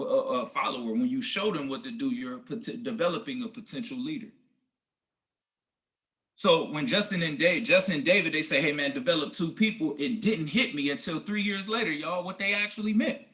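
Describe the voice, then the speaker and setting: A team leader on a group call gives an emphatic, preachy motivational talk, speaking in slang and addressing listeners as guys and family. His voice is fairly high-pitched and sharp, with a brisk delivery.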